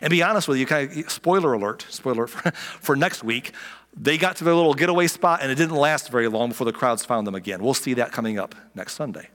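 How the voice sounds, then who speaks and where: A middle-aged male pastor preaching with an ordinary mid-range voice. He is animated, jumps up high to act out the voices of his listeners, and then sinks to soft near-whispers to drive a point home. The sound carries a long reverb, as if in a large church hall. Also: fast. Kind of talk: sermon.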